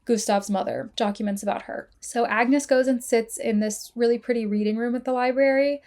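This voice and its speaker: A woman's voice: on the high side, fairly even intonation, darkish tone. Chatty woman host reviewing a film. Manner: chatty, peppered with "like", quick asides.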